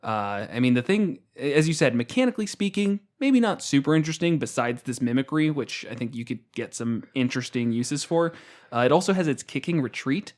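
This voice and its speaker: Podcast co-host, man, casual and rambling, mid-pitched voice, talks through rules aloud. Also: lively intonation, brisk. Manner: rambling, many fillers and restarts. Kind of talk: casual tabletop game chat.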